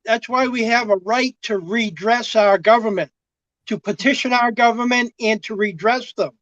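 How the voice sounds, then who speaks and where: A man's voice: very high-pitched, moderate pace, fairly bright tone, no echo. A man on a call making an earnest, persuasive political argument. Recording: dull, dry lo-fi call audio.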